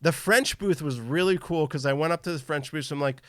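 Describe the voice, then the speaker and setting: A man's voice: fairly high pitch, brisk, no room sound, clean studio sound. A man hosting a live gaming podcast in casual chat, upbeat and tired from travel, greeting viewers by name. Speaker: podcast host.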